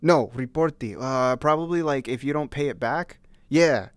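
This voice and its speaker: A man's voice: medium pitch, moderate pace, clean tone, no echo, studio quality. A man streaming and chatting casually, giggling and mocking himself as he goes. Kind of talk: casual gaming stream chat.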